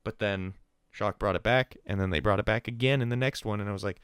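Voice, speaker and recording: A man's voice: on the low side, fast talker, a bit bright, clear, resonant tone, dry recording. A young man hosting a casual esports podcast, chatting over a call and quoting people in playful voices. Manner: chatty, quotes people with put-on voices, laughs often. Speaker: podcast host. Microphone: call recording with a remote co-host.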